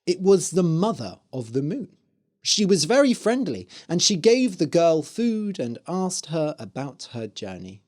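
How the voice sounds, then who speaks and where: A storyteller reading a fairy tale aloud slowly for English learners. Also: medium pitch. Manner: slow, clear, expressive. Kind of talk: scripted narration for English learners.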